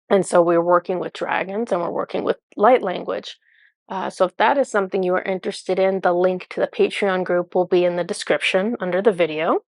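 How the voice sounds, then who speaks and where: A woman gives a spiritual energy forecast in a chatty, loose way, filling her talk with "like" and restarting her sentences. Her voice has a steady vocal fry. The recording is dry and close. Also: on the low side, no room sound. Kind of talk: casual monologue to camera.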